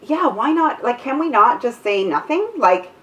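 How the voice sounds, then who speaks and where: A woman's voice: on the high side, lively intonation, normal speed, fairly bright tone, recorded from a distance, rough recording. A woman co-hosting a casual talk show, speaking emphatically and firing off questions in bursts. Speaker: co-host.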